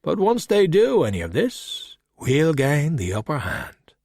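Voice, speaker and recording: Skulduggery Pleasant, voiced by a man, wry and husky. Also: fairly high pitch, wildly swooping pitch, a little mellow, no room sound, voice pushed up, exaggerated voice. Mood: calm, wry. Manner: measured, wry and unhurried. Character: dry witty skeleton detective, male, calm. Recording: dry close audiobook recording.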